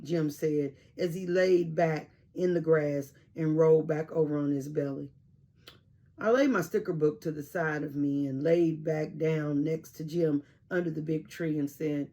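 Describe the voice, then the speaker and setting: A woman storyteller reading a children's story aloud in an expressive way. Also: sits low, unhurried.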